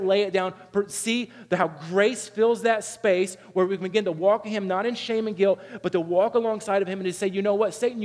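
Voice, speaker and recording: A man with a high voice delivers an animated sermon, now and then acting out the people he quotes. His voice carries a long reverb, as if it were recorded in a large church hall. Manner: animated preaching, acts out quoted complaints in a raised voice. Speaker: pastor.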